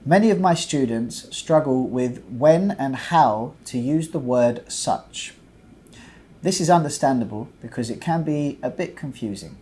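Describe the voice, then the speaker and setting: A male English teacher walks through a grammar point in a scripted lesson. His voice sits at an ordinary middle pitch, and he speaks very slowly and deliberately. He pauses to set out example after example with patient care. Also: warm tone. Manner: slow, deliberate, patient explaining with many examples.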